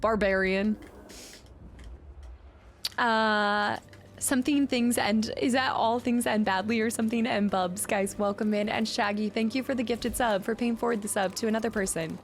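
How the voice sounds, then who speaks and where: A woman's voice: on the high side, fairly even intonation, moderate pace, a little hiss or hum. A woman streamer chatting casually with viewers while playing a game, laughing often and thanking people for donations and follows. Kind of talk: casual live-stream chat while gaming.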